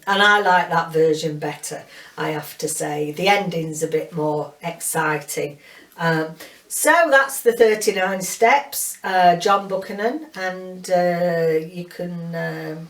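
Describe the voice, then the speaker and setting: A middle-aged woman, chatting casually and rambling as a book channel host, laughing often. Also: medium pitch. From North Yorkshire, England. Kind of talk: casual chat. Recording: roomy sound, mic at a distance.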